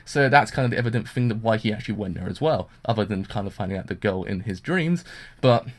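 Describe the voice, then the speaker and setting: A man with a lowish voice talks fast and with lively intonation as he gives a casual, rambling anime review. He's full of fillers and acts out the characters' lines as he retells them.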